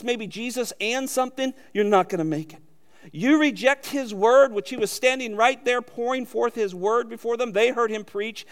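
A man delivers a sermon in a notably high voice. He rises to emphatic, louder peaks, then drops into quiet, low asides. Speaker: pastor.

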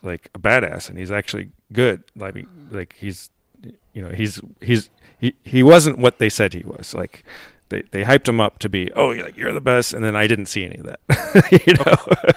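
A man's voice: fairly low pitch, expressive, normal speed, gravelly, no room sound. A man co-hosting a podcast in casual chat, rambling with many fillers and restarts and laughing often. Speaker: podcast co-host.

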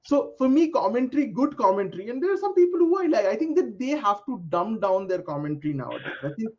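A middle-aged man, a podcast panel guest who talks in a measured, reflective way and lays out his points one by one. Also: high-pitched, big pitch swings, darkish tone. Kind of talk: casual panel chat. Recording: dull lo-fi sound.

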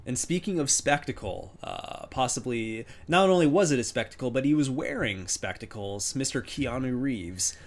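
A man's voice: medium pitch, lively intonation, normal speed, hardly any pauses. A man chatting casually as a podcast co-host, rambling with lots of fillers and restarts. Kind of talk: casual chat.

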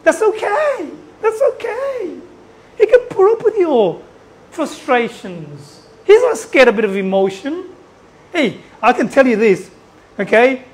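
An animated preacher delivers a sermon, firing question after question at the congregation. The voice sits at a middle pitch and keeps circling back over its own phrases. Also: a little slow, poor audio. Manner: animated, asks the listeners questions; repeats and restarts phrases.

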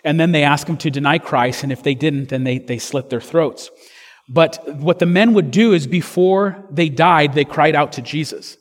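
A man's voice: fairly high pitch, moderate pace, long reverb tail. A man preaching a sermon as pastor, earnest and conversational, with fillers and restarts.

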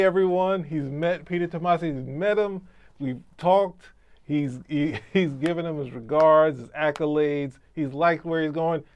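A man hosting a casual comic review chat, easygoing and quick to laugh along. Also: sits high, darkish tone, smooth. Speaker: host.

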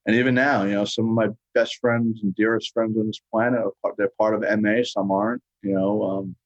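This is a musician guest from New York, talking from his home studio over a call. His voice is fairly low, and the sound is dry and a bit dull and lo-fi. He rambles easily, filling nearly every pause with "you know" and "um". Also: level tone, dry recording. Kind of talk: casual interview chat.

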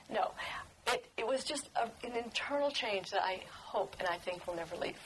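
A woman's voice: on the high side, fairly quick, background noise. Older woman telling stories at a talk. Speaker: book author speaking at a talk. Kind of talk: storytelling talk.

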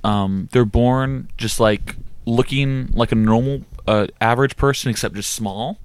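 A man hosting a crude comedy podcast, rambling and swearing in quick bursts. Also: mid-range voice, clear, resonant tone. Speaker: podcast host.

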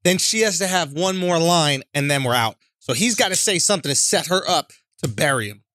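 A man co-hosting a podcast in casual comedic banter, animated and pushing the joke along. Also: a little high, fairly quick, dry recording, studio quality. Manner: animated, joking, pushing the bit. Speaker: podcast co-host.

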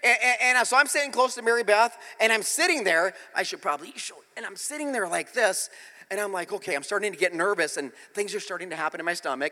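A man preaching a sermon as pastor, telling a story with animated swings from hushed to loud. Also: high voice, fast talker, long reverb tail.

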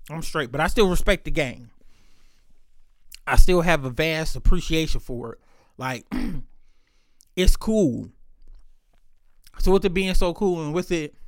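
A man's voice: a little high, a bit bright, no echo, studio quality. A man telling a rambling, profane story in a casual monologue, laughing as he goes.

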